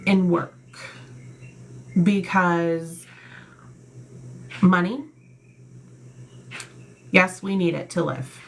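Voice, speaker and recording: Gravelly, blunt tarot-reading woman. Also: on the low side, very slow, long pauses, slight background noise. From Italian heritage. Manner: blunt, emphatic, swears freely. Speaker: tarot reader. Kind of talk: casual tarot reading, reading card texts aloud.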